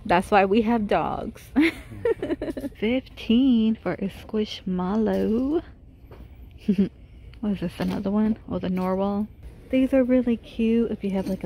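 A woman's voice: mid-range voice, dark tone, slight background noise. Chatty woman gushing over store finds. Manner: chatty, gushing over cute finds, reading prices aloud. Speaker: vlogger. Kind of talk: casual shop-with-me walkthrough. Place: inside a large retail store.

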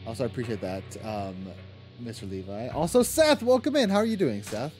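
A man's voice: mid-range voice, big pitch swings, fairly quick, a little mellow, soft background music. A man streaming a video game from home, chatting casually with viewers, reading and answering chat, swearing freely and laughing often.

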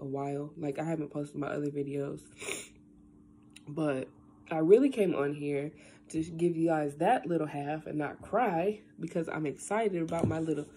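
A young woman talking casually into her camera at home, rambling and tearful, with lots of halting fillers. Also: sits low, warm tone, slight background noise. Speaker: vlogger. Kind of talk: casual vlog, emotional talk then unboxing.

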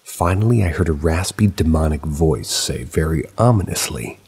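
A man's voice: rumbling low, lively intonation, moderate pace, darkish tone, breathy edge. A man narrating a first-person paranormal story in a casual, conversational way with wry asides.

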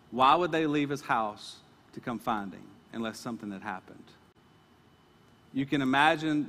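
A man's voice: medium pitch, a bit bright, in a large hall. A male pastor preaching a sermon in an earnest, emphatic way, often repeating his words.

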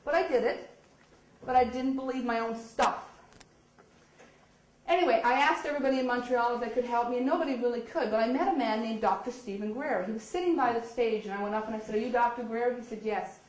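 A woman from Nova Scotia tells an audience her story, acting out the dialogue with laughter. Her voice sits somewhat high. The hall around her is roomy and echoey. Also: fast talker, a little hiss or hum. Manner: animated, acts out quoted dialogue with laughs. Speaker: speaker telling her story.

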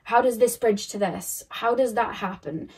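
A woman's voice: fairly high pitch, moderate pace, darkish tone, breathy edge. A young woman giving a casual tarot reading, talking in a rambling, questioning way with many fillers and restarts. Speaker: tarot reader.

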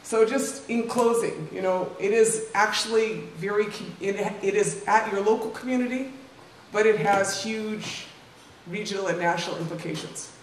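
A woman's voice: mid-range voice, normal speed, a little hiss or hum. An older woman giving an informal public talk with slides, chatty and full of asides and tag questions to the audience. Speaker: invited speaker. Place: lecture room. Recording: roomy, distant mic, faint ambience.

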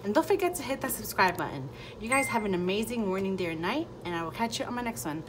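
A woman's voice: mid-range voice, expressive, fast, very noisy. A woman vlogging her budget, chatting casually and counting bills aloud with playful asides. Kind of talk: casual chat while counting cash.

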